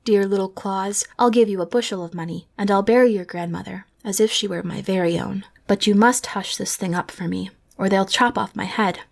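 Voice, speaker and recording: A woman voicing a hot-tempered wealthy innkeeper in a soft, hushed ASMR reading, as whispered role-play. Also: medium pitch, steady tone, a little fast, creaky, hardly any pauses. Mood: fretful.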